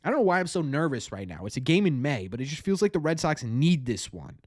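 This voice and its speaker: A man hosting a fan show, commenting live on a game as he watches, nervous and excitable, repeating his cheers. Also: fairly high pitch, quick pace, dry recording, clean studio sound.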